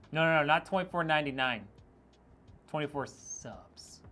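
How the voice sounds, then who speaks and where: A man's voice: fairly high pitch, moderate pace, bright, forceful tone. A man streaming a PC build, chatting casually and teasing viewers as he reads their messages, with frequent laughs. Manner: joking, teasing, laughs often.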